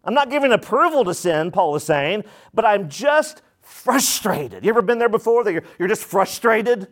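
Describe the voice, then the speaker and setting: A man preaching a sermon as pastor, animated, asking the congregation rhetorical questions and acting out quoted voices. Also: sits high, moderate pace, few pauses.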